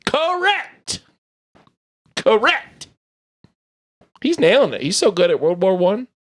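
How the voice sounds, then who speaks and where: A man's voice: high voice, sing-song, a little mellow. A man hosting a casual podcast, running a quiz and reading the questions out with jokes in between. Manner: reads quiz questions out slowly, jokey. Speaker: podcast host and quizmaster.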